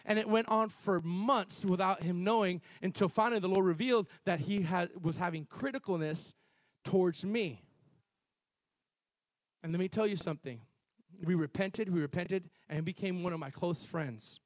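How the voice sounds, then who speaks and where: Male pastor preaching, high-pitched and lively, restarts lines, dry close recording. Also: normal speed, no room sound. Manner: animated storytelling, shifting between loud emphasis and quiet asides; repeats and restarts phrases, calls on the congregation. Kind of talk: sermon.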